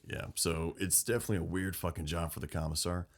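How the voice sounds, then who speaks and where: A man's voice: low voice, fast talker. A man co-hosting a casual podcast chat about a game setting, swearing freely and acting out characters' lines. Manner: animated, swearing, acts out quotes. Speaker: podcast co-host.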